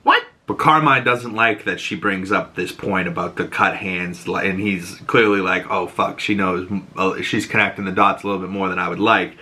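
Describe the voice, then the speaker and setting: Young boston guy recapping a tv show on his podcast, bright punchy voice, does little voices for the characters. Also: normal speed, few pauses. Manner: animated, acts out quoted lines in higher voices. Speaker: podcast host. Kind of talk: casual TV episode breakdown.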